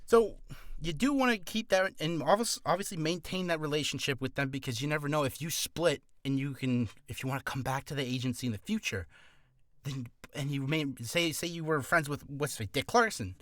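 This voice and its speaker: A man's voice: fairly high pitch, brisk, fairly bright tone, no echo, studio quality. A man who is a voice actor, giving casual advice in a rambling, self-deprecating, jokey vlog.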